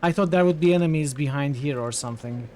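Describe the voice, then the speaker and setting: A man's voice: a little high, fast talker, darkish tone, a little hiss or hum. Man thinking aloud over gameplay. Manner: thinks aloud, self-correcting, reacts with surprised exclamations. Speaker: streamer playing a tactics game. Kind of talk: casual live gameplay commentary.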